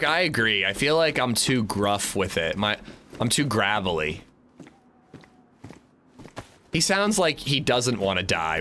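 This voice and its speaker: A man's voice: on the low side, bright, forceful tone, a little hiss or hum. A man streaming a survival game, chatting casually and answering his chat as he plays. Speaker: gaming livestreamer. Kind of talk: casual gameplay commentary.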